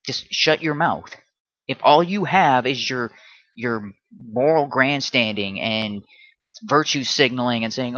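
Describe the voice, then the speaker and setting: A combative man ranting alone on his livestream, tripping over his words and restarting as he pushes his points. His voice sits at an ordinary middle pitch. The sound is dry and slightly muffled, like lo-fi stream audio. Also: takes it slowly, bright, forceful tone, no room sound. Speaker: livestream host. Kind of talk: solo livestream rant.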